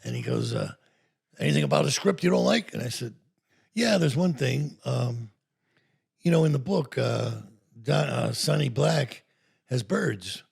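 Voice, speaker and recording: A man in his sixties, an actor, telling anecdotes in a casual, animated way and acting out what others said. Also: medium pitch, unhurried. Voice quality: gravelly, husky. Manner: animated, laughs while telling, acts out quoted lines. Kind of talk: casual storytelling.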